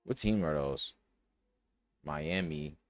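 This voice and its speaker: In a bass voice, a young man hosting a podcast takes it slowly as he casually thinks through sports bets, with slang and cursing. The close-mic recording is dry with no echo, and faint music sits underneath.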